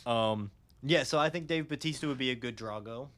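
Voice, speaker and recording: A man's voice: mid-range voice, fairly quick, a bit bright. A young man co-hosting a podcast, rambling enthusiastically in casual chat and swearing now and then. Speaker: podcast co-host.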